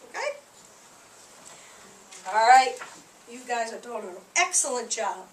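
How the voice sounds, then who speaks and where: A high, bright-voiced woman teaching a class of small children, acting out each feeling with big swings in her voice. She is caught from far off in a roomy, echoing hall. A faint hum sits behind her. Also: slow, pauses often. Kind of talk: classroom lesson to young children. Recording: echoey room recorded from a distance.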